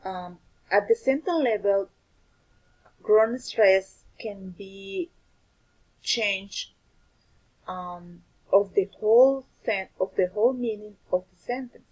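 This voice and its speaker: A woman giving a scripted lesson on pronunciation, explaining carefully and deliberately with examples. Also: medium pitch, husky, low-quality recording.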